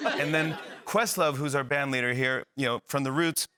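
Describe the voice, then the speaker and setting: A man's voice: mid-range voice, moderate pace, clear, resonant tone, dry recording. A man guesting on a TV talk show, animatedly telling a funny anecdote and acting out the dialogue. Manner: animated storyteller, acts out dialogue. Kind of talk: comic anecdote. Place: TV studio.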